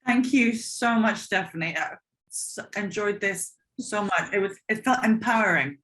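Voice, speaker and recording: Bright-voiced woman host, earnest. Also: medium pitch, normal speed. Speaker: summit host. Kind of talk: thanking speaker and sponsors.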